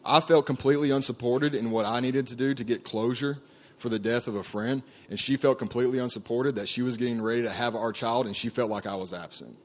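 Here a camp staffer talks fast, his mid-range voice holding a steady tone as he recounts his testimony to a group. The delivery is sincere and chatty, full of fillers and restarts.

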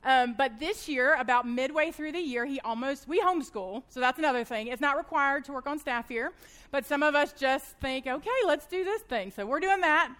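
High-pitched woman in her thirties, fast and animated, teaching a church group. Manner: fast-talking, animated storyteller. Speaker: women's Bible study teacher. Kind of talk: church teaching talk with personal stories.

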